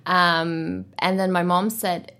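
A woman in her thirties, a guest telling her story in a lively, animated way during a radio interview. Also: on the low side, slow. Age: 30s.

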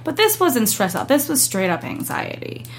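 A woman's voice: high voice, normal speed. Young woman guest chatting away, acts out what people said, bit of faint hiss behind. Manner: animated storyteller, acts out quotes. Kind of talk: casual interview chat.

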